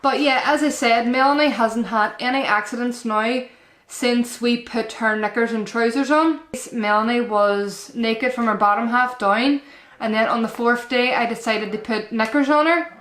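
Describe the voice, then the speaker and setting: A woman's voice: on the high side, fairly even intonation, normal speed, a bit bright. A young woman and mum giving earnest, chatty parenting advice to camera in a casual vlog style, often calling her viewers "guys" and repeating herself. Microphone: camera-mounted shotgun mic. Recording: echoey room.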